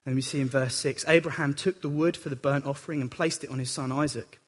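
Man, preacher, sermon, animated then hushed, long echoing reverb, husky. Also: mid-range voice, fast talker, hardly any pauses. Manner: animated, swings between dramatic outbursts and quiet reflection. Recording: echoey hall reverb.

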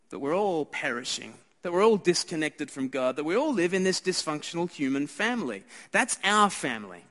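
High-voiced Australian man preaching in a hall. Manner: earnest, conversational, with frequent restarts and hushed asides. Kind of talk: Christmas sermon. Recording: hall reverb.

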